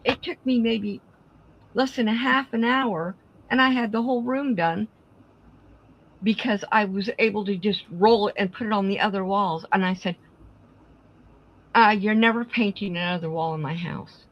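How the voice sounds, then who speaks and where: A woman's voice: mid-range voice, normal speed, pauses often, dull audio. A middle-aged woman hosting a craft live stream, casually telling family stories and acting out the dialogue. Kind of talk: casual storytelling chat.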